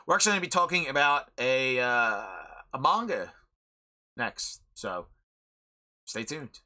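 A man's voice: medium pitch, bright, forceful tone. A young man hosting an anime review show, rambling casually with heavy swearing and lots of filler words.

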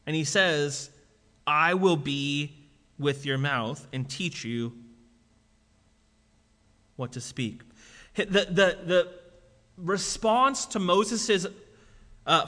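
Man, pastor, casual conversational sermon, slightly high voice, bright forceful tone. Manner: casual, conversational preaching with frequent fillers. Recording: long reverb of a large hall.

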